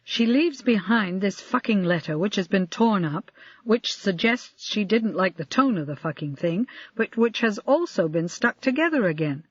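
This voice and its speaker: A man's voice: high voice, animated, normal speed, slightly rough, dry recording. A narrator reading the lines of a distraught middle-aged male police staff sergeant, clipped and agitated, on a dull, dry recording. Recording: dry, slightly dull lo-fi audio.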